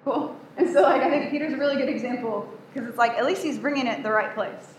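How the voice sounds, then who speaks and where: A woman's voice: high voice, fast, slight background noise. A woman giving a casual sermon, talking easily and asking the group questions as she teaches. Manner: chatty, asks the room questions. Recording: echoey room with faint ambience.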